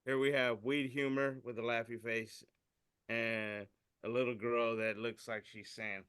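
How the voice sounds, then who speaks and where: A man's voice: mid-range voice, flat delivery, unhurried, a bit bright, smooth, no echo. A man co-hosting a podcast, reading memes aloud in casual chat and tripping over his words with a giggle. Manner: stumbling, giggly reading with tongue slips. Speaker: podcast co-host.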